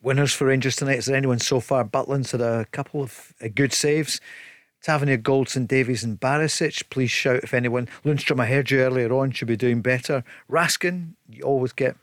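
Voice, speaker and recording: A man hosting a live football radio show, presenting briskly and passing questions to guests. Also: mid-range voice, fairly even intonation, dry recording, clean studio sound. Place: radio studio.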